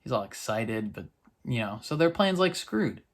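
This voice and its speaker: A man casually recapping and reacting to a TV episode, talking in a loose, rambling, excitable way. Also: mid-range voice, normal speed.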